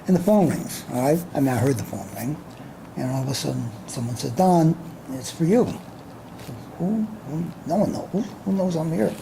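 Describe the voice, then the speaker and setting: A man's voice: a little high, expressive, fairly quick, creaky, background noise. An older man, a boxing promoter, telling a long rambling anecdote in an interview, often checking in with "all right?". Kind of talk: storytelling in an interview.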